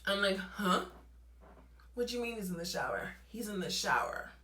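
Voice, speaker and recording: Young woman, animated storyteller, acts out phone calls, forceful bright tone, roomy echo. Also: medium pitch, normal speed. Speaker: YouTuber telling a story. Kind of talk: casual storytime vlog.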